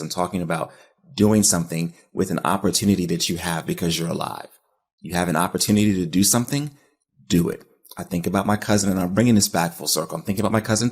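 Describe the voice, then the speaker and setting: A man hosting a podcast interview, speaking earnestly and emotionally in a motivational way, with a husky voice. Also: sits low, a little mellow. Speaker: podcast host. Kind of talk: heartfelt interview talk.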